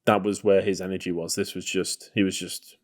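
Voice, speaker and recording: A man's voice: sits low, little pitch movement, brisk. A man co-hosting a podcast, talking casually about a film in a loose, hedging way. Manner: loose and hedging, full of "you know" and "kind of". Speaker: podcast co-host.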